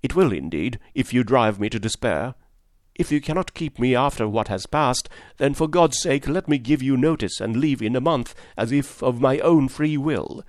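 Man playing a desperate butler, strained pleading voice, higher pitch, dry sound. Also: big pitch swings, moderate pace, hardly any pauses, no room sound. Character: desperate proud old male butler.

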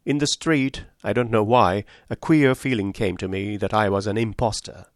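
A man narrating a story for an audiobook in a measured, steady way. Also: lowish voice, no echo, studio quality.

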